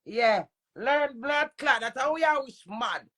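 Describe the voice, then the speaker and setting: A woman's voice: high-pitched, lively intonation, slow pace, fairly bright tone. A woman with a Jamaican accent and a runny nose, ranting in heated, profane patois. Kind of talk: angry rant to camera.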